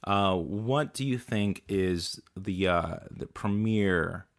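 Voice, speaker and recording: A man's voice: low voice, slow pace. A man co-hosting a casual horror podcast, talking loosely with many "like" and "um" fillers. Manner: loose, hesitant, leans on "like" and "um". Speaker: podcast co-host.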